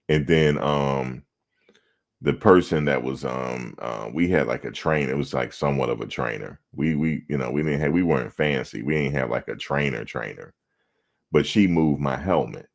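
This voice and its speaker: A man with a very deep, low voice spinning a casual story, swooping up and down in pitch as he gets into it. He laughs and cusses freely, talking like a host among friends. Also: moderate pace. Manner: animated, profane, laughing. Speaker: show host.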